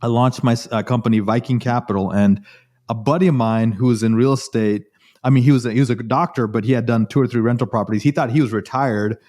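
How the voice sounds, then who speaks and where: Man telling his story with quick restarts. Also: medium pitch. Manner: animated, quotes himself often, frequent restarts. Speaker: cardiologist and real estate investor guest. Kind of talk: casual storytelling interview.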